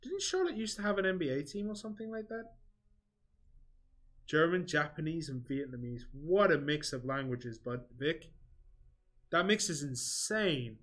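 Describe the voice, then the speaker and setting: Guy chatting on his game stream, kinda high, bright sounding. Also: sing-song, moderate pace. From England. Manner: chatty, answers viewer chat between gameplay remarks. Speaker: game livestream host. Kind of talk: casual livestream chat.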